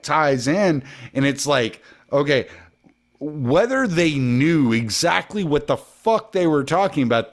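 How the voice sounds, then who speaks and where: Animated, cussing man in casual chat. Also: a little high. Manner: animated, swears freely, quick asides. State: drinking during the chat. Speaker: podcast guest or host. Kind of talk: casual conversation.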